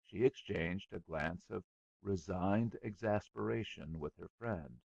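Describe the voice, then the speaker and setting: Slow, gravelly male audiobook narrator. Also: deep voice, no echo, muffled recording. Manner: measured, expressive reading. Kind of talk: scripted narration.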